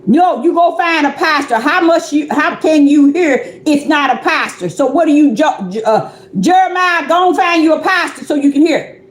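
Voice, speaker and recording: A woman's voice: high voice, expressive, normal speed, roomy sound. A woman preaching on a livestream, pressing her point with repeated rhetorical questions.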